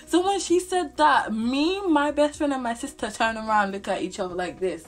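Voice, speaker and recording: A young woman talks through a storytime vlog in a fairly high voice. Her delivery is animated, slangy and full of swearing, with faint music behind her. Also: moderate pace, few pauses. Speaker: vlogger.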